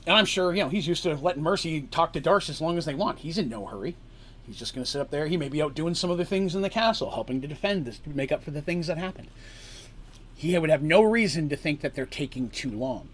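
Husky man, game master narrating casually, lively pitch, explains as he goes. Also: fast. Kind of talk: narrating a tabletop story.

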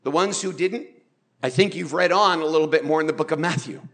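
A man preaching a sermon in a church, drawing the congregation in with questions and light humor, slowing to stress key words. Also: fairly high pitch, a bit bright. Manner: engages the congregation with questions and show of hands. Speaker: pastor. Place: church sanctuary.

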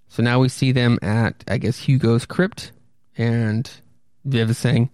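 Gravelly guy on a podcast rambling through comic panels with wry asides, dry close mic. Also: mid-range voice, moderate pace, darkish tone, dry recording. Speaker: podcast host. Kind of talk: casual comic commentary and read-aloud.

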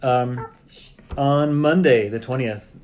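A chatty dad hosting a family podcast, talking in a relaxed, rambling way with a lot of "um"s as he leads a casual chat around the table. His voice sits at an ordinary pitch for a man. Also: takes it slowly, dull audio. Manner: relaxed, rambling, talks with many fillers.

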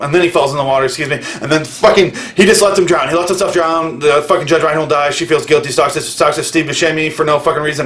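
A man's voice: on the high side, fairly bright tone. A man reviewing a movie in a furious rant, swearing constantly and bluntly listing everything he hated. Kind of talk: angry profane rant.

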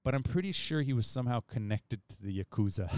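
A man spins a loose, meandering story on a podcast, restarting sentences and swearing casually. His voice sits at an ordinary pitch, recorded close and dry with no room sound. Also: darkish tone, no room sound. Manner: rambling, laid-back storyteller with frequent restarts and swearing. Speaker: podcast host.

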